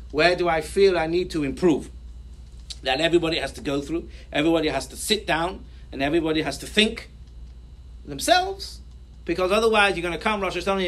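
Bright, high-voiced rabbi teaching. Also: male voice. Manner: reads Hebrew sources aloud, then explains them in English; animated, acts out people's reactions. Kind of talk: Torah talk to a congregation.

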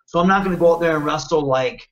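A man from Michigan talks through a casual interview with a slightly raised pitch. He is animated and self-assured, and he keeps asking "you know what I mean." He comes across as a performer promoting himself. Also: quick pace, poor audio. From Michigan, United States. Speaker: professional wrestler, interview guest.

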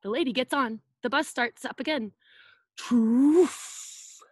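A woman's voice: high-pitched, brisk, fairly bright tone, no echo. A woman preschool teacher reading a picture book aloud to children over a video call, playfully acting out sound effects and asking them to join in.

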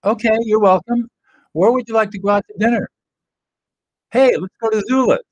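A man acting out a grateful partner in an example exchange about where to eat, in a high, light voice. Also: normal speed, no room sound, rough recording. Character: a calmed, grateful partner in an example dinner argument.

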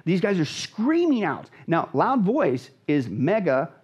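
A man's voice: sits high, very animated, a little slow, darkish tone, slightly rough, muffled recording. A man, a pastor, teaching emphatically and dramatically about scripture as a guest in a conversation, repeating phrases for stress. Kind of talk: animated Bible teaching in conversation.

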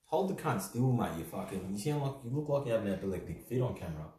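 A man's voice: medium pitch, lively intonation, fast talker, warm tone. A young Australian man co-hosting a card-opening video, heckling his mate with crude banter and a "mate" on every line. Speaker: card-break co-host. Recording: roomy echo.

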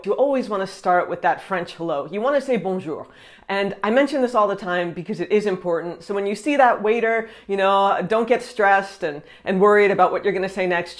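A woman giving casual, friendly tips in a travel vlog, dropping in short French phrases. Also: medium pitch. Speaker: travel vlogger.

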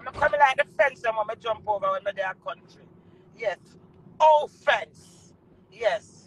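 A woman's voice: a little high, animated, unhurried, slightly rough, poor audio. A woman with a Jamaican accent delivering a heated, profane monologue full of repeated curses. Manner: heated, profane, repetitive cursing. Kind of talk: angry ranting monologue.

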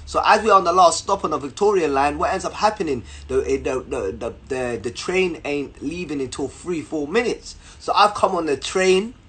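A young man telling a story to camera in an animated, slangy way, repeating words as he goes. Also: fairly high pitch, moderate pace, hardly any pauses, slight background noise. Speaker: vlogger.

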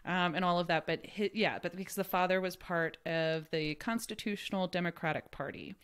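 A woman's voice: fairly low pitch, fairly quick, clear, resonant tone. Giggly chatty woman host. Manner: giggly, chatty, lots of fillers. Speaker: podcast host presenting the topic. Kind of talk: casual chat.

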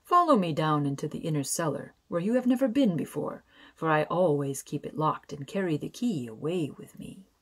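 A wise old tomcat from a bedtime storybook, sensible and kind, speaking in a low, slightly husky voice, as a woman reading aloud puts him on. He talks slowly and gently, like a caring father to his colony. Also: expressive. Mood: kindly. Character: wise old male cat, kindly and sensible.

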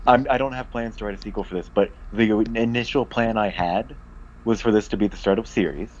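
A man's voice: low voice, highs cut off. A man, the author of the story, chatting casually and explaining his writing in a self-deprecating way. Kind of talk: casual chat.

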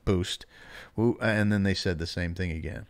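A man's voice: deep voice, normal speed, creaky, clean tone. A male streamer wrapping up a live stream in casual, self-mocking chat, his throat a little strained. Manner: reads viewer messages aloud in exaggerated put-on voices.

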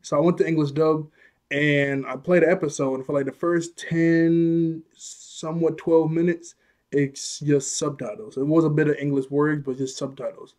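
A man's voice: fairly high pitch, fairly even intonation, normal speed, darkish tone. A young man hosting his own video, casually retelling an anime scene in a rambling, chatty way with restarts and laughs. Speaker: anime vlog host.

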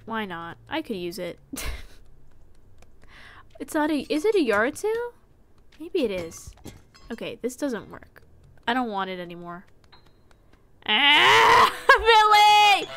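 A woman streamer giving playful, chatty commentary while she plays a game, going from sudden yelps to hushed whispers. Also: sits high, big pitch swings, takes it slowly, pauses often, a little hiss or hum. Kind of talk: casual gameplay commentary.

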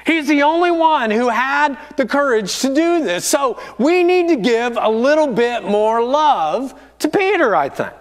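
High, lively male pastor preaching. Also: unhurried, few pauses. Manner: storytelling, acting out quoted voices. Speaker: lead pastor. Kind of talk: sermon. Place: church auditorium.

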